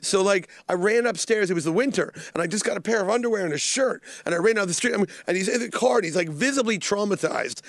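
A middle-aged man from Baltimore with a notably high voice spins crude stories in animated, loud banter. The sound is close and dry, with no room around it. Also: quick pace, few pauses, no room sound. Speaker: show regular.

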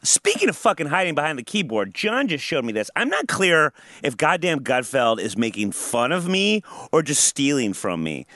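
Animated man swearing on a podcast. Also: a little high, moderate pace, hardly any pauses, no echo. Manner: animated, profane, sarcastic. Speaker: podcast host. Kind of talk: casual chat.

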